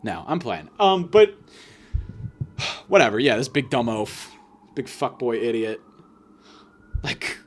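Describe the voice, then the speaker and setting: A man hosting a comic solo podcast rant, profane and sarcastic, swinging between loud mock-angry jabs and muttered asides. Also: mid-range voice, big pitch swings, slow pace, pauses often. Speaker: podcast host.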